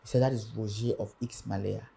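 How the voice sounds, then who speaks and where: Young man, music artist, animated storyteller, acts out quotes. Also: lowish voice, a little fast, creaky. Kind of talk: storytelling interview.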